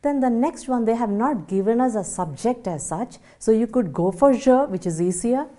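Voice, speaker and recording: A woman's voice: a little high, expressive, moderate pace, mellow. A woman teacher with an Indian English accent giving a French lesson, explaining patiently step by step, spelling out letters and checking in with "okay?". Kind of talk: spoken language lesson.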